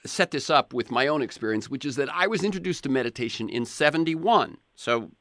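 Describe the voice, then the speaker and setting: Bright-voiced older male podcast host. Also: mid-range voice, lively intonation, a little fast, dry recording, studio quality. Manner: rambling storyteller, frequent restarts. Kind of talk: conversational interview.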